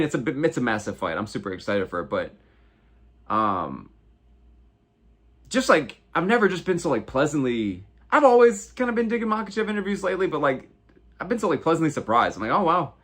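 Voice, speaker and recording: The host, an American man in his twenties, has a mid-range, fairly bright voice. On his casual livestream he goes through viewer comments, reacting with plenty of slang and swearing.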